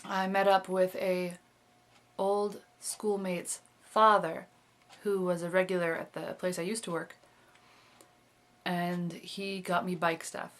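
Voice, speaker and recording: A woman's voice: lowish voice, flat delivery, slow, fairly bright tone. A woman in her twenties chatting casually in a video diary, rambling with lots of fillers and little laughs. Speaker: vlogger.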